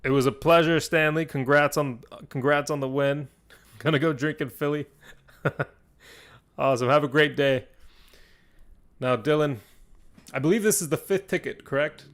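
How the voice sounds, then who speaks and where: A young man hosting a live stream as game master, swinging between hushed, suspenseful fantasy narration and excited chat with viewers. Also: fairly high pitch, normal speed, pauses often.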